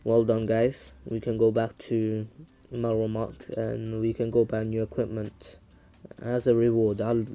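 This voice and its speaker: A defiant young ninja hero who speaks low and quiet, flat and cold when pushed, as a man puts him on. He comes across as a stubborn loner who answers authority with quiet threats. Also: unhurried. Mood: easygoing.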